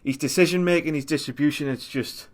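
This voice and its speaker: A man's voice: a little high, brisk. A young man, chatting bluntly and wryly about his team's latest match as a fan pundit. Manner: blunt, wry, animated when telling stories. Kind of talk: casual chat.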